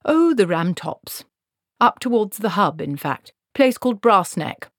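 A woman's voice: medium pitch, big pitch swings, unhurried, no echo, studio quality, voice pushed up. A woman voicing an elderly, tired male wizard who grumbles as he talks, read as a storybook figure. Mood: weary.

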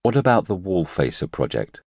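A man's voice: sits low, big pitch swings, normal speed, vocal fry, a little mellow, slightly rough, no echo, studio quality, heavily acted. A man doing a bewildered, curious time-traveler. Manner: inquisitive, earnest.

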